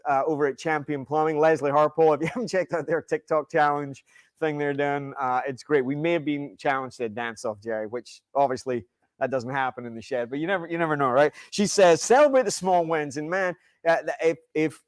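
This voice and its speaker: Upbeat man with a higher, dry voice. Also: no room sound. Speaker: podcast co-host. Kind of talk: casual chat.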